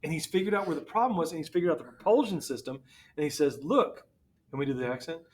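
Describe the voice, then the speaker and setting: A man's voice: a little high, lively intonation, racing, darkish tone. A man who teaches history, co-hosting a podcast in casual chat with wry, joking asides.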